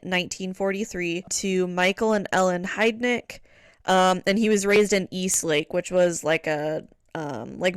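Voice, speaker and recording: A woman's voice: mid-range voice, clear, resonant tone, no echo, studio quality. A woman co-hosting a podcast, chatting casually with lots of fillers and the odd swear word. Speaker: podcast co-host. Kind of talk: casual chat.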